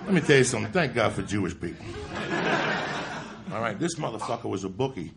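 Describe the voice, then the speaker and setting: A man doing stand-up storytelling from New Jersey, profane and animated, with loud bursts of shouting. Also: on the low side, fast talker, creaky, roomy sound. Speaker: stand-up comedian. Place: comedy club stage with a laughing audience. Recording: live stage recording with crowd.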